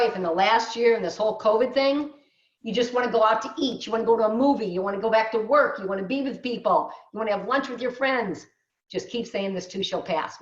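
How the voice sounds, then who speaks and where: An older woman from the United States, a business owner giving a motivational talk and acting out quoted voices as she tells stories. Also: mid-range voice. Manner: lively storyteller, acts out quoted voices. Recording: dull echoey room sound.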